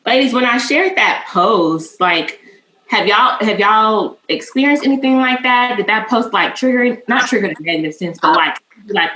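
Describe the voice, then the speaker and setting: A woman's voice: a little high, normal speed. Candid emotional woman in her thirties. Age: 30s. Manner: emotional, cusses freely, animated. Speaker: podcast co-host. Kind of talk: candid personal storytelling. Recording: echoey room with faint noise.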